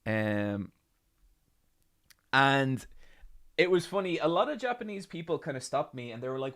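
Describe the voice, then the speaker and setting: A man's voice: mid-range voice, very animated, moderate pace, long pauses, a bit bright. A man co-hosting a podcast, telling a story in casual chat, rambling and self-mocking with loose fillers and the odd swear. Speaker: podcast co-host.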